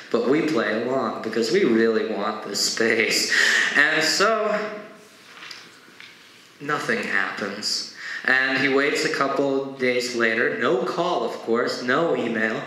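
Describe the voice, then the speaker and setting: A man's voice: medium pitch, animated, slow, pushed and bright. A man doing stand-up storytelling in a conversational, wry way, with side remarks along the way. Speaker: comedian. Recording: very echoey room.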